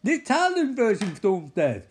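A man giving sarcastic, casual running commentary on a film, swearing and getting excitable as he watches. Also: high voice, quick pace, slightly rough. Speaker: movie reaction commentator. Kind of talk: casual live movie commentary.

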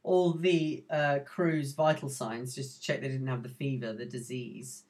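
A man co-hosting a podcast in casual chat, relaxed and wry, sometimes rambling. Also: medium pitch, a little slow. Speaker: podcast co-host.

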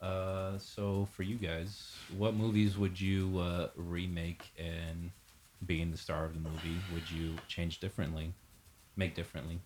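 A man hosting a casual podcast, introducing the next topic with many hesitant pauses. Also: deep voice, level tone, darkish tone, a little hiss or hum. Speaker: podcast host leading segment. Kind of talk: casual talk, segment intro.

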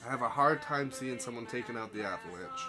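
Man, young adult, casual podcast chat, hungover, profane, loud music behind. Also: mid-range voice, expressive, quick pace. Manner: loose, profane, rambling. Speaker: podcast co-host.

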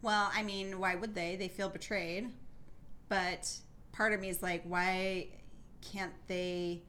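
A woman's voice: fairly low pitch, level tone, takes it slowly, a bit bright, a little hiss or hum. A woman co-hosting a podcast who mostly listens, answering with short replies and brief opinions. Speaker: podcast co-host. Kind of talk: casual chat.

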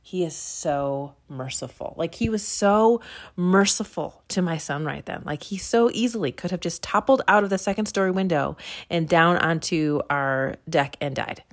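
A woman in her forties with a low voice tells a devotional story from her own life. She talks casually, laughs often, and trails through fillers and restarts. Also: moderate pace. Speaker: mother sharing a devotional story.

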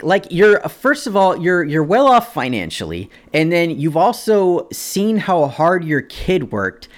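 A man's voice: a little high, very animated, moderate pace. A man hosting a podcast, reading out a forum post and then ranting about it casually and indignantly, swearing freely. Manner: indignant, swearing, mocking voices in quotes. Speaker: podcast host.

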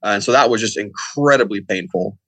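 A man's voice: lowish voice, fairly quick, sharp tone, no echo. A middle-aged man telling a long story in a casual podcast chat, rambling with many fillers and acted-out quotes. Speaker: podcast guest.

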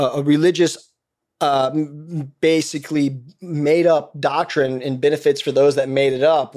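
A man's voice: mid-range voice, darkish tone. A man as a podcast guest, ranting in a heated, profane way with many restarts. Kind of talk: casual podcast conversation.

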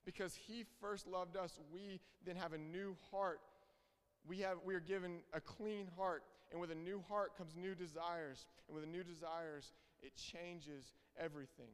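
A man's voice: high-pitched, fairly even intonation, unhurried, clear, resonant tone. A young man preaching a sermon, earnest and emphatic, repeating his key phrases. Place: church hall. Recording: reverberant hall.

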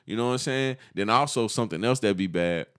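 A young man chatting on a casual podcast in a slightly low voice. He tells his stories in loose slang and acts out the lines of the people in them. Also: fast, clear, resonant tone. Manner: animated, slangy storytelling with acted-out quotes. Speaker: podcast co-host.

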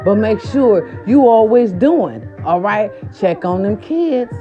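A profane, animated woman vlogger tells a dream story and turns it into a preachy pep talk, slipping into voices as she goes. Her pitch sits mid-range. The recording is dull and lo-fi, with faint music in the background. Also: slow pace.

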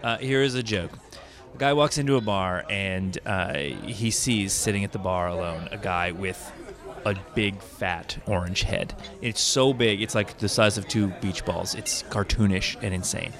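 A man's voice: on the low side, a little slow. A man telling a long joke in a rambling, conversational way. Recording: music playing behind.

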